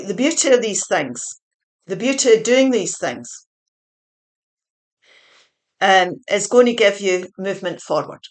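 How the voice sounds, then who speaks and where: A woman giving a spiritual pick-a-card tarot reading, earnest and encouraging, repeating her points with small fillers. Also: fairly low pitch. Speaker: tarot reader.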